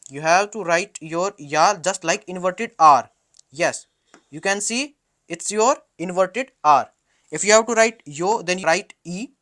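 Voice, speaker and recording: Slow, hesitant language teacher. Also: medium pitch, a bit bright. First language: Hindi. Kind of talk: alphabet lesson.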